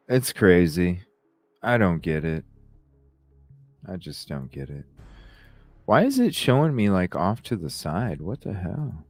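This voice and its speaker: Laughing, low-voiced man hosting a podcast. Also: sing-song, slow pace, pauses often, darkish tone, dry recording, faint music behind. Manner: laughs often, swears, rambling. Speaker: podcast host. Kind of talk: casual live-stream chat.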